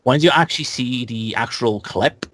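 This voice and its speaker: A man's voice: mid-range voice, moderate pace, a bit bright. A man talking as a guest in a casual podcast, easygoing, often giving short agreeing replies. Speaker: podcast guest, machinima creator. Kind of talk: casual chat.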